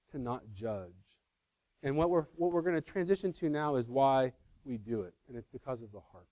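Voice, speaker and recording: Pastor, male, higher-pitched voice, conversational emphatic sermon delivery, dry close recording. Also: darkish tone, dry recording. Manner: conversational, self-correcting, emphatic.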